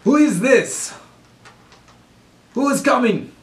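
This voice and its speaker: A man doing a bellowing male wall guard, sharp and high, yelling down from the battlements in a tabletop game. the voice is way up above the man's normal one and echoes in a roomy space off the mic. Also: animated, slow, heavily acted. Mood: stern. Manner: shouting, high-pitched. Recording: echoey room, far from mic.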